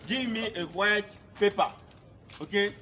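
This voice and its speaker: A man's voice: high voice, takes it slowly, sharp tone. Man teaching French to a class. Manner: drills words and has the class repeat. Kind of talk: classroom language lesson.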